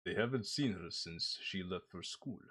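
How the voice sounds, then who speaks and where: A man's voice: low-pitched, normal speed, fairly bright tone, voice pushed down. A man voicing a stern teacher with a put-on Russian accent, making formal, clipped announcements to a class.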